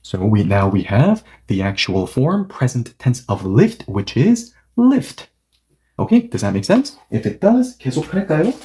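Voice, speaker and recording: A man's voice: mid-range voice, sing-song, moderate pace, mellow. A man teaching a grammar lesson in English, explaining rules patiently and often checking whether students follow. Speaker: Korean language teacher.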